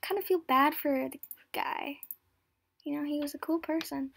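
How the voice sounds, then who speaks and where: Giggly high-voiced girl with fresh braces. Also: moderate pace, creaky, noisy background. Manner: giggly, chatty, often drops to a whisper. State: talking with new braces. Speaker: gameplay commentator. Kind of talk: casual game commentary.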